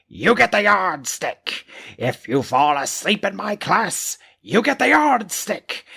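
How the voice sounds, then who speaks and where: A man voicing a strict, disciplinarian nun teacher with a rich French accent, speaking in a slow, commanding way. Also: medium pitch, gravelly, bright, forceful tone, breathy edge, full character voice.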